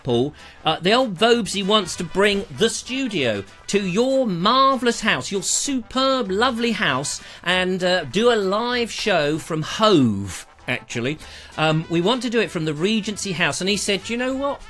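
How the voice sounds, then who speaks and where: A man's voice: high voice, animated, a little slow, a bit bright, soft background music. A middle-aged man hosting a live online show, chatting in a playful, theatrical way with teasing asides and repeated phrases. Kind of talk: rambling live-stream chat.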